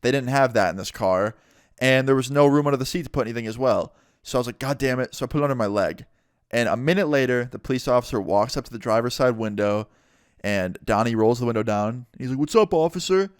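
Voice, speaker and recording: A man's voice: mid-range voice, fast, clean tone, dry recording, studio quality. A man in his twenties telling a story in a casual, slangy, swearing way. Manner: laid-back, slangy, swearing.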